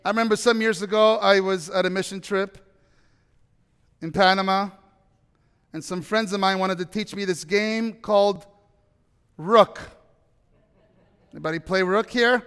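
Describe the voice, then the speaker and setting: High-voiced man preaching in a reverberant hall. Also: unhurried, pauses often, smooth. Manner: animated storytelling with sudden loud emphasis and quiet asides. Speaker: pastor. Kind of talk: sermon.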